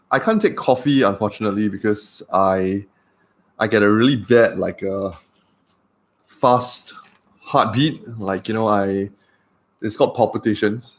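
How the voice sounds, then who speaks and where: Guy doing a chill livestream chat, lowish voice, rambles with lots of ums. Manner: chatty and rambling, with many fillers. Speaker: doctor hosting a livestream.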